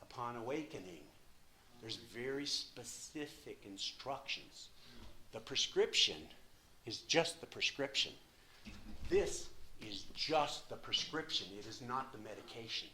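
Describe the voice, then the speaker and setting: A man in his sixties giving an impassioned, profane personal share at a recovery meeting, swinging from hushed to loud. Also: mid-range voice, expressive, a little slow.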